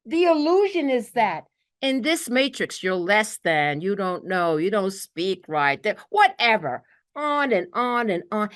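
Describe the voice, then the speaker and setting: A woman's voice: medium pitch, lively intonation, a little slow, fairly bright tone. A woman from New York with a Brooklyn accent, giving an earnest spiritual talk to a group and often checking in with "okay". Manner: earnest, peppers talk with "okay", acts out quotes. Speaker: spiritual teacher.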